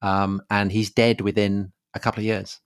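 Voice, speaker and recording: A man co-hosting a casual history podcast, halting and full of fillers. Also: on the low side, flat delivery, clean tone, no echo, clean studio sound. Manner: halting, filler-heavy, quick agreements. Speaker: podcast co-host.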